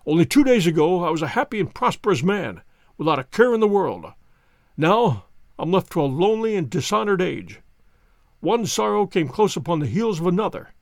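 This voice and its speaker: A man reading an audiobook, voicing a distraught, excitable older banker who pleads and exclaims. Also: high voice, normal speed, dry recording, studio quality. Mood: grieving.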